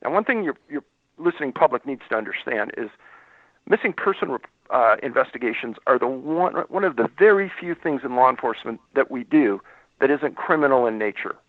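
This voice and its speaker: A man's voice: medium pitch, animated, fairly quick, dry recording. A man, a former law enforcement investigator, telling a story as a radio interview guest and acting out the dialogue. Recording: dry, tinny phone line.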